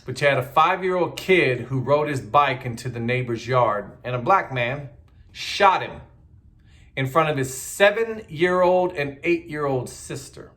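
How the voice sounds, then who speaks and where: A man's voice: mid-range voice, animated, a little slow, fairly bright tone. A middle-aged man, giving a blunt, heated, repetitive political rant in a casual monologue. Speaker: political commentator.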